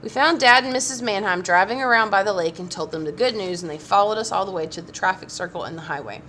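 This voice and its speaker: A woman reading a children's novel aloud in an expressive, lively way. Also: mid-range voice, fast, a little hiss or hum. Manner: expressive, lively voicing of the story. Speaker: audiobook reader.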